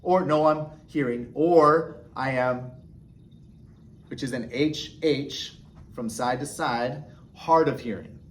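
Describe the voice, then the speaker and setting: A man's voice: medium pitch, slow, long pauses, a little hiss or hum. A man teaching sign language step by step, patiently checking in with short "okay?" questions. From United States. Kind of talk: instructional explanation.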